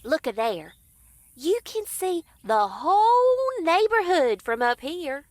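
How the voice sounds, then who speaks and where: A scheming real-estate cat, played by a woman in an audio comedy, salesy and conspiratorial. Her voice is high and bright, bouncing up and down. Dry, close recording. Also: very animated, slow, dry recording, heavily acted.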